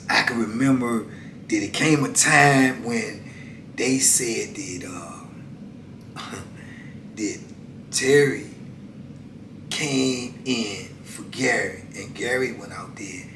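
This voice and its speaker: A middle-aged man telling prison stories in a casual, colloquial way, often saying "man" and swinging between loud and hushed. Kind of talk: casual storytelling. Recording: echoey room, mic at a distance, faint rumble.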